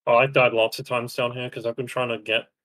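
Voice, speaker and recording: A young man with a bright, forceful voice talks through a live gameplay stream. He gives a teammate blunt, bossy instructions and curses when he gets frustrated. His pitch sits in an ordinary middle range. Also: flat delivery, a little fast.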